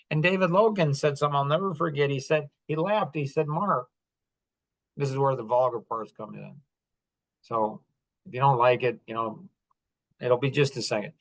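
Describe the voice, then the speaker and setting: A man's voice: medium pitch, fairly bright tone. A middle-aged man hosting a podcast, telling a personal story in a rambling, conversational way, earnest and a little apologetic. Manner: rambling, conversational, with many restarts and asides. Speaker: podcast host. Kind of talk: casual storytelling monologue.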